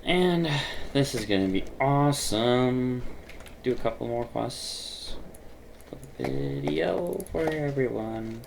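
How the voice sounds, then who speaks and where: A man's voice: medium pitch, very animated, slow, vocal fry, slight background noise. A man giving casual, self-deprecating gameplay commentary, muttering and swearing as he plays. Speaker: gaming video host.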